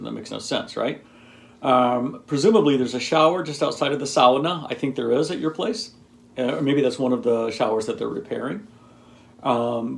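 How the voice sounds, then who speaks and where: A video blogger with a medium-pitched voice and vocal fry talks casually to the camera. He rambles and explains things like a teacher, with lots of ums and asides.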